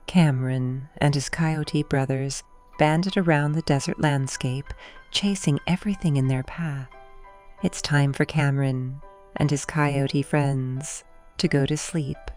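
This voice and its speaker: Speaking softly and soothingly at an unhurried pace, a woman with a low, mellow voice tells toddlers a gentle bedtime story. She pauses every so often so the little listener can answer.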